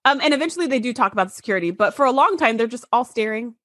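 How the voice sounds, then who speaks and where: A woman's voice: fairly high pitch, lively intonation, rapid-fire, a bit bright, dry recording, clean studio sound. A woman co-hosting a podcast, chatting casually and expressively, joking and laughing at her own jokes. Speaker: podcast co-host. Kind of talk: casual recap chat.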